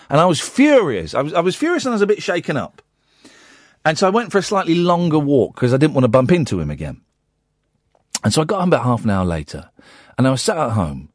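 A man's voice: a little high, no room sound. A man hosting a radio phone-in, chatting casually and telling a rambling, self-mocking story from the studio.

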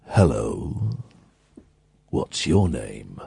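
Guy doing a big tall tv actor, slow deep soft voice, kinda husky. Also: big pitch swings, dry recording, full character voice. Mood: slow, kindly. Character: towering male TV actor, slow deep kindly voice.

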